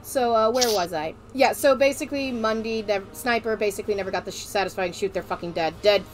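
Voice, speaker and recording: A woman in her thirties, a streamer explaining game lore in a casual, excitable, rambling way and swearing often. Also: mid-range voice, a little hiss or hum. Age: 30s.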